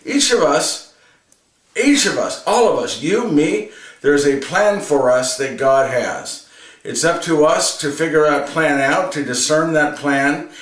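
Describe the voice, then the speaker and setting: A man's voice: fairly high pitch, echoey room, recorded from a distance. A man giving an earnest homily, repeating phrases for emphasis. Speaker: religious reflection presenter.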